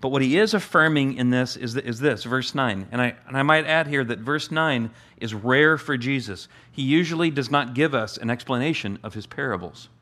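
A man's voice: normal speed, few pauses, fairly bright tone. A man, the church's pastor, delivering a sermon in a conversational way, often restarting phrases and repeating words for emphasis. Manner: acts out the master's amused voice with a higher pitch.

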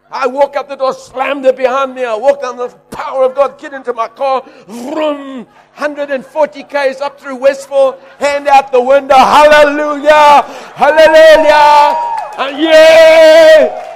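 High-voiced preacher man telling a story. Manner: animated, shouting and laughing through a story. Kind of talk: sermon storytelling.

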